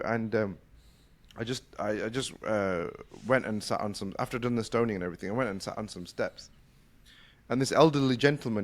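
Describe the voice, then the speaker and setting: Fast-talking British man telling a story. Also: medium pitch. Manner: fast-talking, full of restarts. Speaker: podcast host. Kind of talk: casual conversation, storytelling.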